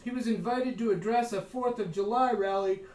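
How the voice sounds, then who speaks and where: A man reading a history book aloud as a podcast host, slowing down for emphasis and breaking off for wry asides. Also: high-pitched, slight background noise. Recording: echoey room, voice distant from mic.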